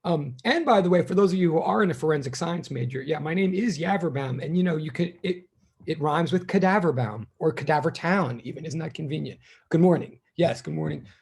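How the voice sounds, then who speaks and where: A man's voice: on the high side, brisk, gravelly, husky. A man in his fifties, a physics teacher, chatting casually and rambling with his class as students join. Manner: rambling, chatty, self-deprecating.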